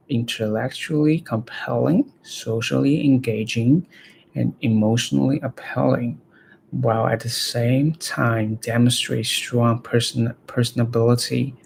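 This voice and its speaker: Slow, gravelly man practicing reading aloud. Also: medium pitch, slight background noise, poor audio. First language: Chinese. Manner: halting, repeats words and phrases to practice them. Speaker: language learner reading aloud.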